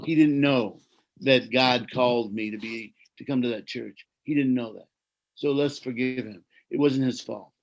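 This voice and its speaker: A man from the United States, an Orthodox priest, telling a personal story in a gentle, reflective, preacherly way over a video call. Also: medium pitch, normal speed, muffled recording.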